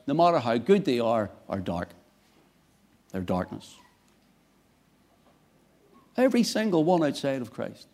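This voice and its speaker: A man preaching a sermon, swinging between quiet, low lines and loud, emphatic bursts.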